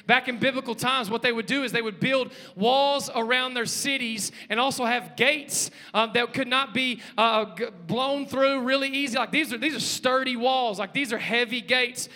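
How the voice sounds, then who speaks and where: A man, preaching a lively sermon, joking and calling out to the congregation. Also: extremely high pitch. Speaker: pastor. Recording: long hall reverb.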